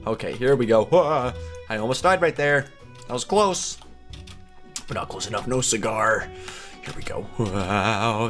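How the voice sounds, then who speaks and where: A man's voice: fairly low pitch, expressive, measured pace, faint music behind. A young man hosting a casual game commentary, playful and chatty, laughing often. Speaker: gaming video host.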